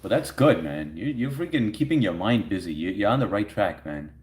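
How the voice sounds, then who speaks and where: With a lowish, darkish voice and lively intonation, a man hosts a livestream at a fairly quick clip. In an echoey room, he casually chats with viewers, reading their comments aloud and laughing often.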